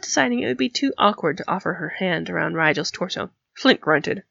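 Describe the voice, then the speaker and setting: A woman narrating an audiobook in an even, steady manner. Her voice sits a little low with a gravelly edge. The recording is dry and dull. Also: fairly quick, few pauses, dry recording. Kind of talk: audiobook reading of fan fiction.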